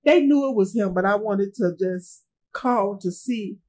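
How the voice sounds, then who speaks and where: A middle-aged woman, a grieving mother, speaking in an interview in a halting way, often repeating herself and trailing off. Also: medium pitch, a little mellow, husky, low-quality recording. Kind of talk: emotional interview testimony.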